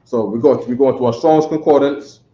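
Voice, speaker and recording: Warm-toned and a little fast, a mid-range male voice with a New York accent runs a classroom lecture. He keeps it loose and repetitive, checking with "right?" again and again. The room echoes and the recording sounds dull and lo-fi.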